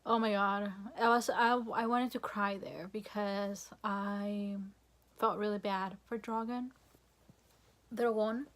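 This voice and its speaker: A woman's voice: medium pitch, steady tone, a little slow. Rambling young woman vlogger. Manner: rambling, frustrated, frequent "like" and swearing. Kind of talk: casual rant to camera.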